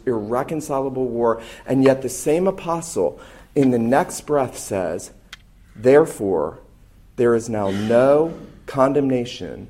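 A man's voice: mid-range voice, a little mellow. Earnest man preaching a sermon. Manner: earnest, emphatic preaching with slow stressed phrases. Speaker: pastor.

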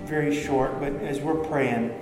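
A man's voice: on the high side, steady tone, measured pace. Pastor, man, earnest emphatic preaching; roomy reverberant sanctuary. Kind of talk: sermon. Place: church sanctuary. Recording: echoey church hall with music.

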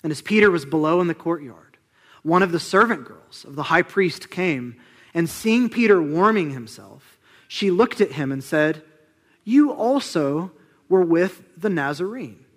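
A young man preaching with lively, conversational energy, his voice sitting a little high. He acts out the people in the passage and sinks to near-whispers for weighty points. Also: normal speed. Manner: animated, conversational preaching with dramatic drops to a hush. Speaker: pastor. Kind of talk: sermon.

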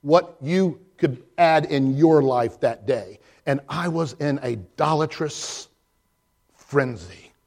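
A male pastor giving a sermon, swinging from loud, high swells to quiet, hushed drops, and reading a story aloud with voices. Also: slow pace, hardly any pauses.

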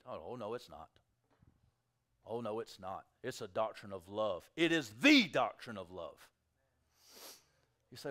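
Animated, bright-voiced man preaching. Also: on the low side, moderate pace, pauses often. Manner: animated preaching, acts out objectors' questions in a raised voice. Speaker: pastor. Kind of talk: sermon.

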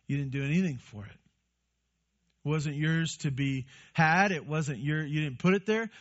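A man's voice: on the high side, moderate pace, highs cut off, lightly acted. A man voicing God as a stern but patient figure who firmly reasons with a sulking prophet.

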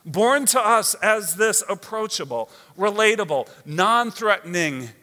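Bright-voiced male preacher in a reverberant hall. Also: sits high, unhurried. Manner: expressive, conversational, asks the audience "right?". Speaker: pastor. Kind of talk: sermon.

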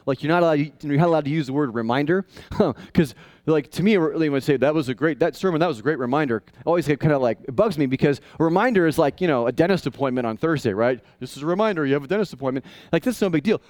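A male pastor preaching a casual, conversational sermon that swings into high, excited tones. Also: no room sound.

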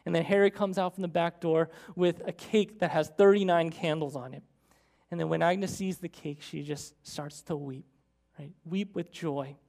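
A preacher telling a story in a sermon, with animated, dramatic storytelling. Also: medium pitch, moderate pace, vocal fry.

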